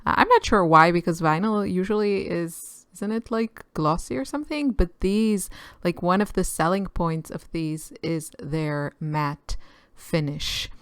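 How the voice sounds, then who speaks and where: Woman host for a casual voice-over, slow and unhurried, chatty, musing, asides as she goes. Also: on the low side, animated, smooth, no echo. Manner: chatty and musing, thinks aloud with many small asides. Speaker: artist and channel host. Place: quiet room, recorded apart from the filmed footage.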